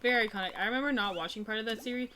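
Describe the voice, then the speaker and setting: A woman's voice: a little high, very fast, pushed and bright, slight background noise. A young woman streaming a video game, chatting in a playful, goofy, joking way. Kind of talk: casual gameplay chat.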